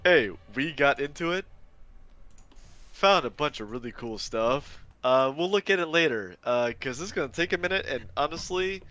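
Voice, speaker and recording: A man's voice: on the high side, expressive, normal speed, sharp tone. A man chatting casually as a player at a tabletop game, rambling and playful. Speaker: player and organizer of the group.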